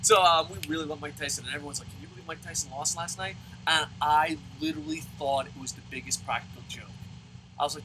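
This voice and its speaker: A man from New Jersey reviews wrestling in a fast-swinging, profane rant full of laughs and sudden high yells. His voice is bright and sits a little high, with a very lively pitch. Faint background noise sits under the recording. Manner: loud, swearing, laughing, swings into high shouts. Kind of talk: profane animated ranting review.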